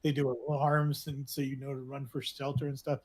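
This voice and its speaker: A man co-hosts a podcast, chatting casually and recommending shows he likes. His mid-range voice is level in tone and a little fast. He rambles with lots of filler words and laughs frequently.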